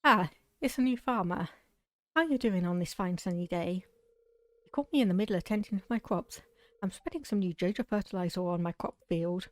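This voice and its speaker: A woman's voice: on the low side, brisk, no room sound, close to an everyday voice. A woman voicing a cheery farmer man with a Scottish accent, reading his game dialogue in a hearty, folksy way.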